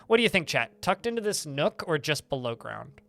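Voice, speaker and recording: Bright, chatty male streamer. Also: on the high side, sing-song, brisk, creaky, soft background music. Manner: rambling, chatty, swears casually, frequent restarts. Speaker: game streamer. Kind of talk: casual live-stream storytelling.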